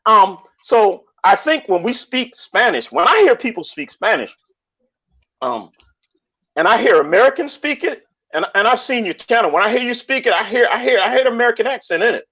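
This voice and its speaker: A man talking in a casual online debate, animated, often repeating and restarting his phrases. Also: high-pitched, brisk, breathy edge. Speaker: panelist in online discussion. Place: lives in Colombia. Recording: dull lo-fi stream audio.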